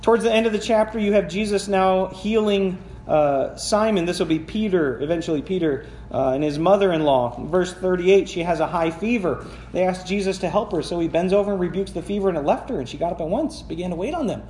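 Speaking fairly quickly with few pauses, a man with a high, darkish voice delivers a sermon from a church sanctuary. As the pastor, he reads scripture, explains it in a relaxed way, and quizzes the congregation along the way, all in a roomy space with slight background noise.

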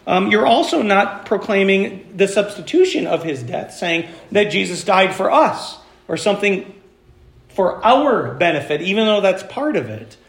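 A man's voice: high voice, big pitch swings, a little slow, creaky, echoey room. A man preaching a sermon as pastor, talking in a conversational way with fillers and restarts. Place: church.

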